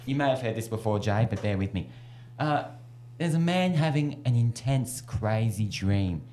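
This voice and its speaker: A playful male radio host who tells jokes and giggles between lines. His voice has a middling pitch. A faint hum and hiss sit under it. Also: lively intonation, normal speed, mellow. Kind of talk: casual radio chat and joke telling.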